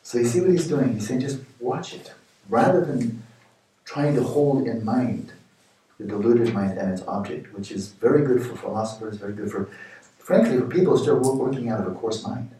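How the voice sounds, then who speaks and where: A man in his sixties giving a meditation retreat talk, explaining with playful everyday examples and sudden lively jumps in pitch. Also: moderate pace. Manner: animated, playful examples, rising pitch for jokes. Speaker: meditation teacher. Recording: echoey hall from far off.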